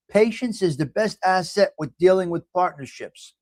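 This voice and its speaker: A man with a New York accent hosts a casual morning chat, reading a horoscope and talking to viewers, often by name, while rambling and repeating himself. His high, animated voice has a darkish tone and moves at a moderate pace with few pauses, and there's no room sound.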